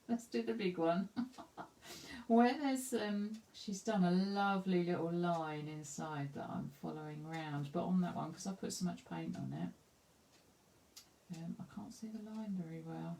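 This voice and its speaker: A woman with an Essex accent leads a live painting lesson, chatting and joking at her own expense as she works. Her voice sits low with a gravelly edge. A faint hiss runs under the recording. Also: measured pace, warm tone. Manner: chatty, self-deprecating, thinks aloud while working. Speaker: craft tutor.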